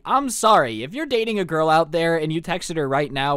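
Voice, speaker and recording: A man's voice: fairly high pitch, very animated, a little fast, few pauses, fairly bright tone, clear, resonant tone, dry recording, clean studio sound. A young man telling a storytime vlog, with a joking, sarcastic manner. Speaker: storytime YouTuber.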